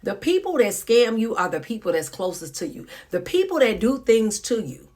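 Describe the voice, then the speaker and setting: Animated woman preaching a reaction. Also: fairly high pitch, moderate pace. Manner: animated, preachy, laughing asides. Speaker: commentator reacting to a video. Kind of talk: reaction commentary.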